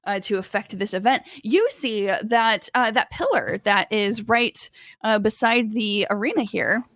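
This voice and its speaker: A woman running a tabletop game as game master, narrating scenes for players with lively energy and frequent laughter. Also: mid-range voice, measured pace, dry recording. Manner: animated, laughs often while narrating.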